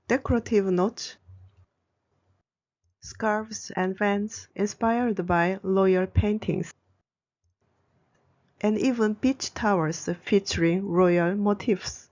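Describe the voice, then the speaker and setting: A woman giving a scripted narration as a Korean language educator, explaining in a bright, clear way. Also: mid-range voice, lo-fi sound.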